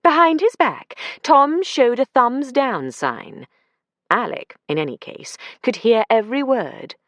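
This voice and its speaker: Woman audiobook narrator, expressive, lively pitch, dry close sound. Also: a little slow, dry recording. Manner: expressive storytelling.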